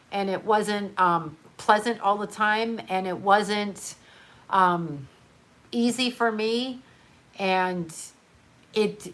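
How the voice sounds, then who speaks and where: Slow-speaking grieving woman host. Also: mid-range voice, fairly bright tone. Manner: halting, emotional, many fillers and restarts, swears casually. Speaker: livestream host reading viewer comments. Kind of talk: unscripted livestream talk.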